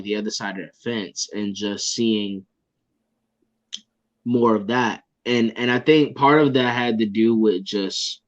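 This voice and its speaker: A man answering interview questions as a guest artist, thinking aloud in a searching way with many fillers. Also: lowish voice. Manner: slow, searching, filler-heavy. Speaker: independent rap artist, guest. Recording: dull lo-fi sound.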